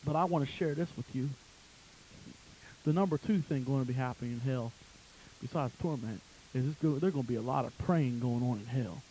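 A man preaching a fire-and-brimstone sermon, swinging between loud shouting and low, intense tones. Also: brisk, a little hiss or hum, poor audio.

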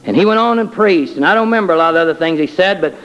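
A man's voice: a little high, animated, rapid-fire, fairly bright tone, smooth, highs cut off. A man giving a personal testimony in a colloquial, self-deprecating storytelling way with wry humor.

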